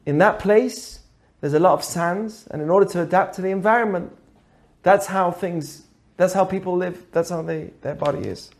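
A male podcast host telling a teaching story in a casual, animated way. His voice is fairly high, and he keeps checking in with the listener through questions as he goes. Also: moderate pace.

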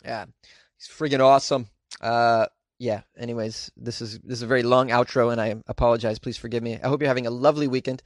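A male comedian chatting into a close mic at a middle pitch. He rambles loosely, with ums and offhand asides, and the sound is very dry. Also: level tone, fast, few pauses, no echo. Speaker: podcast host and comedian. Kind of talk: casual chat, reading out listener reviews.

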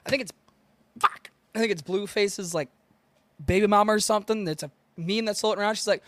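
A man's voice: high-pitched, brisk, a bit bright, no echo. A man co-hosting a casual podcast, joking loosely and swearing. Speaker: podcast co-host. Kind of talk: casual chat.

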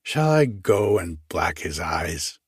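A man reading the part of a choleric, belligerent elderly male scrivener in a storybook reading, in a husky, low voice. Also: sing-song, slow pace, dry recording, studio quality, heavily acted. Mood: boastful. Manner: blustering, belligerent.

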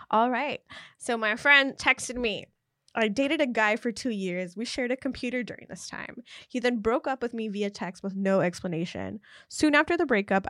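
A woman's voice: medium pitch, fairly bright tone, no room sound, clean studio sound. A woman co-hosting a comedy podcast, laughing often and reading submitted stories aloud. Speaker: podcast co-host. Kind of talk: casual comedic chat.

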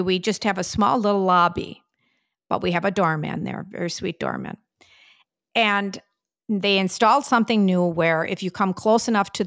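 Chatty mother with a gravelly voice. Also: on the low side, no room sound, clean studio sound. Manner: chatty storyteller, animated retelling. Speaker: podcast co-host, mother. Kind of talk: casual family podcast chat. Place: New York City.

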